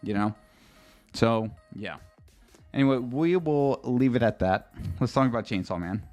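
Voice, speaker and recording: A man's voice: mid-range voice, measured pace, a little mellow, soft background music. A man streaming a casual live reaction, rambling and chatty, swearing freely and talking straight to his chat.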